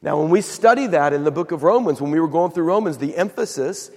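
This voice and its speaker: A man preaching a sermon in a church, his slightly high voice gravelly and husky. He tells the story with animated retellings of the characters' words, and a long hall reverb trails behind him. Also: fast. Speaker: pastor.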